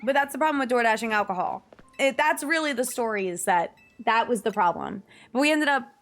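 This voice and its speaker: Her voice fairly high with lively intonation, a young woman from the New York / New Jersey area talks fairly quickly to her stream viewers while gaming. The chat is casual, full of swearing and frequent laughter.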